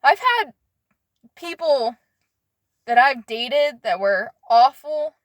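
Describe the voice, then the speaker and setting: A woman's voice: high voice, expressive, dry recording, studio quality. Earnest young woman telling a personal story. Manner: earnest, halting, searching for words.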